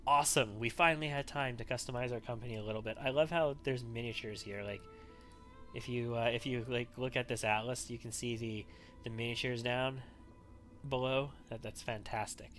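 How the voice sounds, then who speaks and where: A man's voice: medium pitch, fairly even intonation, brisk, fairly bright tone. Male let's-play host, casual commentary into a desk mic, thinks aloud and wavers, faint background music. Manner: thinks aloud, musing and wavering over choices. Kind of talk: gameplay commentary.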